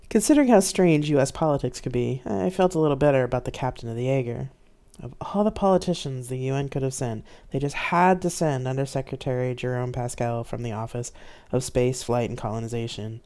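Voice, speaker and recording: Author reading a novel in a mellow voice. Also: medium pitch, brisk, hardly any pauses. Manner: steady first-person storytelling. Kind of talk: reading a novel aloud on a live stream.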